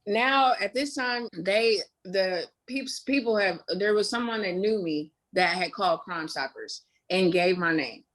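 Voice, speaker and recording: A young woman from Indiana, a guest in an interview, telling her story candidly with plenty of swearing, fillers and quick asides. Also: mid-range voice, fairly bright tone.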